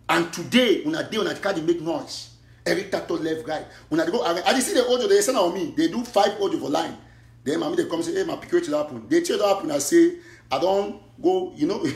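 An impassioned man with a Cameroonian Pidgin English accent rants in a high, strained register. He slides between pidgin and English, firing off bursts of argument. His voice bounces around an echoey room. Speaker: online activist commentator. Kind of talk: fiery livestream monologue.

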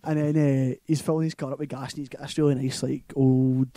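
A Scottish-accented man co-hosts a casual movie podcast, retelling a film plot in a loose, rambling way full of "like" and "right?". His mid-range voice is warm with a flat delivery and quick pace, and there's no echo.

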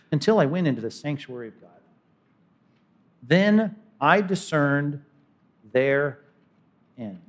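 A man delivers a sermon from the pulpit. His voice sits a little high for a man, and he moves between punchy emphasis and quiet, intimate asides. He often slips into the voices of imagined people. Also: lively intonation, measured pace, long pauses. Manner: dynamic preaching, voices imagined speakers, sudden drops to quiet. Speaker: pastor.

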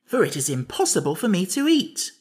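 A man's voice: sits high, huge pitch swings, a little fast, breathy edge, pitched above the performer's own voice, heavily acted. A man voicing a simple, earnest wooden man with a pumpkin head, eager to please, in a storybook audiobook. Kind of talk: audiobook character voice.

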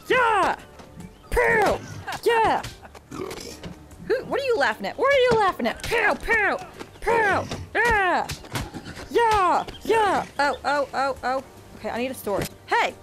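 A VR gaming YouTuber comments live while playing, her extremely high voice unhurried and full of pauses over music. Excitable, she often screams and yelps at the game's characters through her headset mic.

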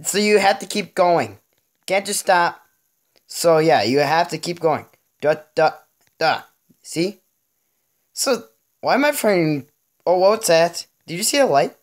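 A man's voice: high-pitched, lively intonation, measured pace, pauses often. A teenage boy talks through his game in a loose, casual way. He jokes at his own expense and fills the gaps with little hummed sound effects and running remarks on every move. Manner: chatty, jokey, narrates each move with little sound effects. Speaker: gaming channel host. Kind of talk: casual gameplay commentary.

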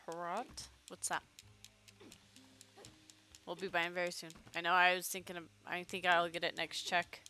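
A woman's voice: on the low side, monotone, unhurried, pauses often, pushed and bright, faint music behind. A young adult woman streaming a game, chatting casually, talking to her pet and swearing now and then. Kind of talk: casual gameplay chat.

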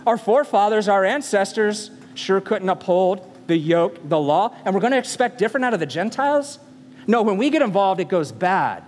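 A male pastor preaching a sermon, animated and full of rhetorical questions, in a church sanctuary. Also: fairly high pitch, moderate pace, in a large hall, slight background noise.

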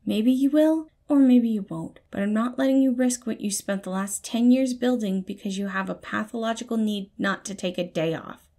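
A woman's voice: fairly high pitch, normal speed, hardly any pauses, mellow, pitched above the performer's own voice. A woman voicing an exasperated young man who scolds sharply, his voice raised above her narration. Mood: irate scolding. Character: exasperated protective young man, cheerful turned angry.

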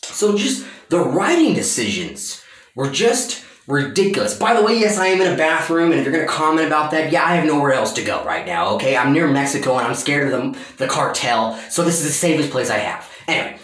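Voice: medium pitch, very animated, a little fast, a bit bright. A film reviewer giving a casual, exasperated rant about a movie, swearing freely, recorded in a bathroom. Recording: echoey bathroom sound.

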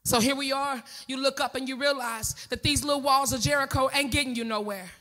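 A woman's voice: sits high, steady tone, a little fast, bright, forceful tone. A woman pastor, preaching an impassioned sermon in a church and calling out to the congregation. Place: church sanctuary.

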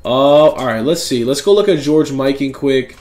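A young man giving excited, slangy gameplay commentary, talking straight to his viewers. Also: medium pitch, normal speed, soft background music. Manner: hyped, slangy, talks to viewers. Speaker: gaming YouTuber.

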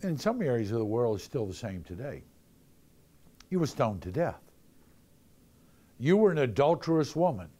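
A man's voice: mid-range voice, big pitch swings, moderate pace, pauses often, mellow. A man giving a sermon, talking conversationally and telling jokey stories. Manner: conversational, jokey storytelling with acted-out voices. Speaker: preacher.

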